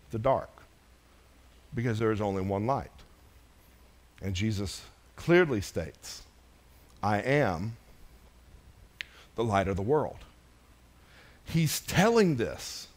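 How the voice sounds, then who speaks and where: A man preaching a sermon, swinging between loud, emphatic lines and soft, low asides to the congregation. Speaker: pastor.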